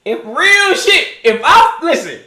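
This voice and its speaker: A man streaming and reacting to clips in casual, profane, animated chat, often laughing. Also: very high voice, takes it slowly, roomy sound.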